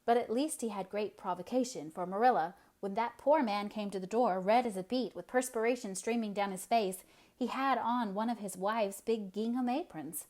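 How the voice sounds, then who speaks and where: A woman's voice: medium pitch, moderate pace, darkish tone, lightly acted. Woman voicing an earnest, idealistic teenage girl. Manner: enthusiastic, earnest. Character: earnest idealistic sixteen-year-old girl.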